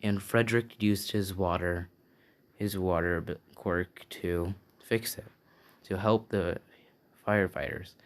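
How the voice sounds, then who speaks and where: A man's voice: low-pitched, fairly even intonation, takes it slowly. A man improvising a fan-made story, rambling casually with many fillers and restarts. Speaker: channel host telling a fan story.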